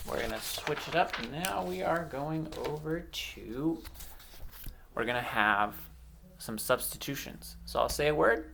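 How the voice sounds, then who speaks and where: A woman teaches a phonics lesson to young children. Her voice sits very low with a gravelly edge. She moves at an unhurried pace and swoops up and down in a lively, sing-song way as she cheers the class on. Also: slight background noise. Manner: sing-song encouraging drills, stretched words.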